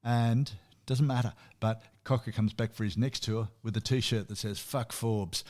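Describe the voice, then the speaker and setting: A man's voice: medium pitch, fairly even intonation, normal speed, a little mellow. A man telling stories in a casual radio chat. He presents a music segment and often chuckles at his own anecdotes.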